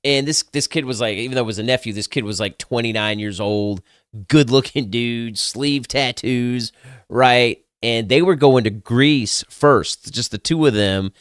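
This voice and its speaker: A man's voice: medium pitch, a little slow, clean tone, dry recording, studio quality. A young adult man, casually telling a personal story in a candid, crude, self-mocking way, swearing freely. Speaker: podcast host.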